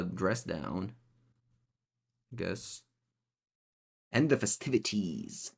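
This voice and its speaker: A man's voice: on the low side, a bit bright. A man with an Italian accent giving live, chatty commentary as he plays, talking to himself and to his chat. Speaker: streamer.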